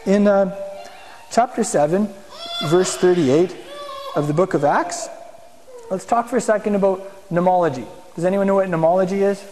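A man's voice: sits high, normal speed, long pauses, mellow, slight background noise. A man teaching a congregation in a conversational sermon style, often putting questions to the room. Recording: long hall reverb.

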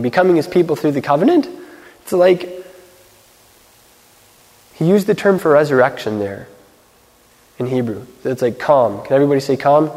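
A man giving a casual, conversational sermon as a Messianic teacher, full of fillers, slowing down to read scripture. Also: a little high, darkish tone. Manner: conversational, filler-heavy, reads scripture slowly. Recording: long hall reverb.

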